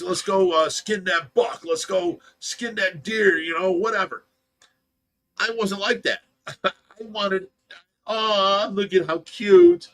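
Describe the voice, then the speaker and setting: Man, livestream host, animated storyteller, acts out voices, high pitch, bright tone. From United States. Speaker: livestream host of a fish rescue.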